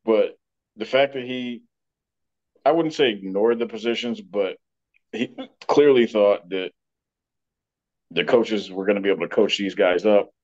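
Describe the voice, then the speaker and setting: Casting: lowish male co-host, blunt, hesitant, hiccuping, dull lo-fi sound. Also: unhurried, pauses often, a little mellow. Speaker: podcast co-host. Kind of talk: casual sports chat.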